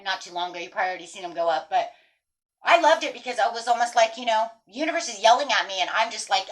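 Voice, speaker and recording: A woman giving a casual tarot reading, talking straight to her viewers in an animated, emphatic way and swearing now and then. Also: medium pitch, fast talker. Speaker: tarot reader.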